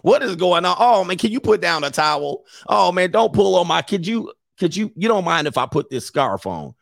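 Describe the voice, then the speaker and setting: A man voicing a fussy, high-maintenance young woman who whines and complains. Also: sing-song, normal speed, gravelly, no echo, clean studio sound, full character voice.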